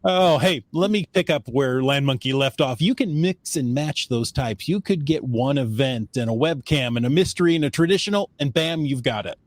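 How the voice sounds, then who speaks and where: A man's voice: medium pitch, lively intonation, moderate pace, hardly any pauses, no room sound. A man hosting a podcast in casual chat, teasing his co-host and laughing through his stories.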